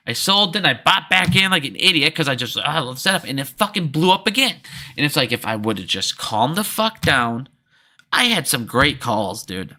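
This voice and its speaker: A man's voice: on the high side, bright, forceful tone. A young man hosting a stock trading channel, talking in a profane, rambling, heated casual monologue to his viewers.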